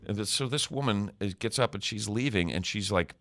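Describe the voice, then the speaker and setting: A comedian telling animated stories in a casual chat, laughing often. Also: male voice, on the low side, brisk, no echo. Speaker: comedian guest.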